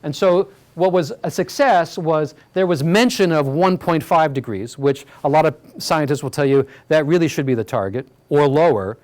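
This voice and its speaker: With a slightly mellow, somewhat high voice, a man moves at a moderate pace with few pauses through a public slide talk in a community hall. He's conversational and filler-heavy, often checking in with "all right?" asides.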